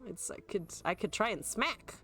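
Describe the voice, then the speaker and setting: A woman's voice: medium pitch, animated, normal speed, sharp tone. A woman streamer chatting casually and joking at her own expense while she plays a card game, swearing now and then. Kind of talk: casual gameplay commentary.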